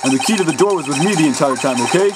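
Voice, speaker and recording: A man doing an eager, fast-talking police detective. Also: on the high side, expressive, close to an everyday voice. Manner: eager, rapid, says "pal" a lot. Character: loyal, bumbling adult male police detective. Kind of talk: let's play voice reading. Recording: loud game music behind.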